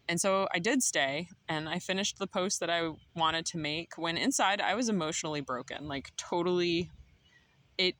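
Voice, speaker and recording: A woman's voice: on the low side, normal speed, a bit bright, no room sound. Woman, 30s, casual emotional vlog storyteller, dry sound. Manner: emotional, laughing, talks to viewers as y'all. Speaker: vlogger.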